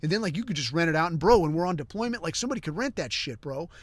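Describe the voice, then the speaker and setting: A man voicing a smug young military bro who pitches a real estate scheme in a laid-back, overconfident way. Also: animated, racing, dry recording.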